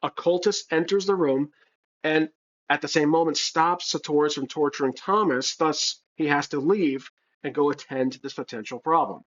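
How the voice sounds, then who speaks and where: Casual solo role-play narrator, a man thinking out loud, dull lo-fi recording. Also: a little high, moderate pace. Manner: thinking aloud, hesitant, many restarts. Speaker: solo tabletop game player and narrator. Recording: slightly dull lo-fi sound.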